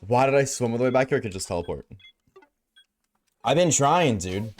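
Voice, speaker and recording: A man's voice: mid-range voice, animated, brisk, faint music behind. A man streaming a game and chatting casually with his viewers, laid-back and slangy, reading chat aloud.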